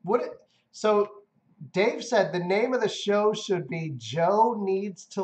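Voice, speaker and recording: A man's voice: high-pitched, slow pace, darkish tone, roomy sound. A man co-hosting a casual live stream, telling crude stories in a rambling, jokey way with lots of restarts.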